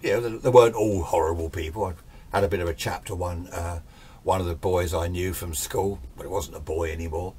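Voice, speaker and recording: A man's voice: sits low, steady tone, brisk, a little mellow, slight background noise. An older man telling a ghost story in a rambling, chatty, self-deprecating way. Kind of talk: casual spoken ghost story.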